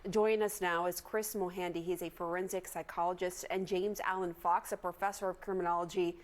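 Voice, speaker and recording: A woman's voice: on the low side, flat delivery, fairly quick. A woman news anchor delivering a story and interviewing guests in an earnest, pressing manner.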